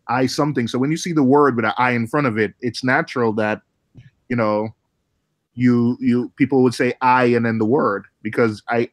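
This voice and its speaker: Caribbean-raised man, lively casual chat. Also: mid-range voice, no echo, studio quality. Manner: animated, argumentative, laughing. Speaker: chat participant.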